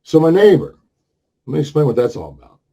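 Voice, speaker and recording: A man's voice: fairly high pitch, very animated, fast, gravelly, dark tone. Man telling a profane, heated story. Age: 60s. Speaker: vlogger. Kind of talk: casual storytelling rant.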